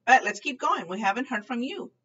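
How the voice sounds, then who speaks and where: A woman's voice: a little high, animated, a little fast, bright, forceful tone, distant mic, dull audio, slight background noise, voice pushed up. A woman voicing a cheerful middle-aged female homeroom teacher, speaking in an upbeat, encouraging way.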